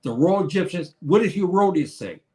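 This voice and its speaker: A man's voice: sits high, lively intonation, dark tone. A man lecturing on a live stream, reading and answering viewers' comments with frequent restarts and hesitations. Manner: halting, many restarts, reads and answers comments. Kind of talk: live-stream teaching and chat replies.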